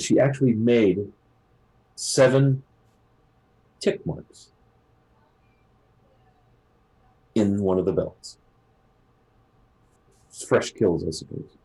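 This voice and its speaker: A male hunter recounting an old adventure, as a man puts him on in a tabletop game. His low, husky voice builds the tale dramatically with pauses. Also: darkish tone, heavily acted, poor audio. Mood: wondering.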